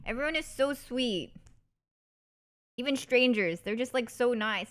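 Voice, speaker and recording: A woman's voice: a little high, moderate pace, long pauses, fairly bright tone. A woman streamer chatting casually and telling stories, often breaking into giggles.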